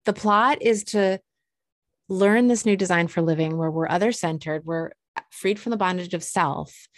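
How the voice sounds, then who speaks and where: A woman co-hosting a casual chat, telling stories with lots of restarts and acting out what people said in high, excited voices. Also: moderate pace, dry recording, studio quality. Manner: animated storyteller, acts out quoted voices high and loud; rambling with restarts and fillers. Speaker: podcast co-host.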